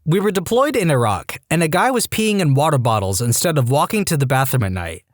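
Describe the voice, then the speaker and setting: A man reading reddit stories aloud as a scripted narration. His voice sits a bit high for a man and swings widely in pitch, with a wry delivery over a close, dry recording. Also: big pitch swings, a little fast, dry recording. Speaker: story narrator.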